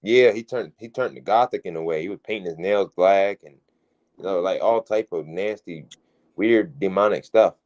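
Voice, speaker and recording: A man's voice: deep voice, normal speed, darkish tone, poor audio. A man telling a personal story in a casual, rambling way, restarting his phrases as he goes. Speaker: street preacher in group discussion.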